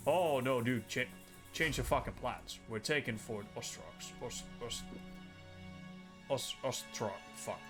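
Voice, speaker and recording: A man streaming a strategy game, thinking aloud in casual, excitable commentary and swearing freely. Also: medium pitch, slow pace, over music. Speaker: gaming streamer. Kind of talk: casual let's-play commentary.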